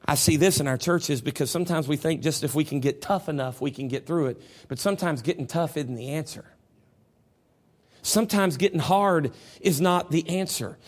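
A middle-aged man preaching a sermon as pastor, mixing folksy storytelling with impassioned passages that rise to shouts. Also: a little high, fairly quick. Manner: impassioned, rising to shouts at peaks.

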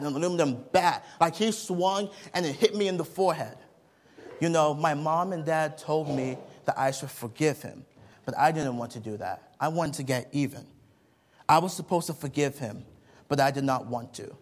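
A young man giving a lively children's sermon, telling Bible stories and asking the kids questions. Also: on the high side, normal speed.

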